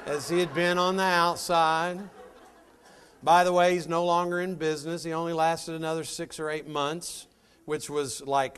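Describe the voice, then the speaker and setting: Folksy middle-aged man, smooth voice. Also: a little high, fairly bright tone. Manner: folksy, storytelling, direct address. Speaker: motivational speaker. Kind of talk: motivational talk to a live audience.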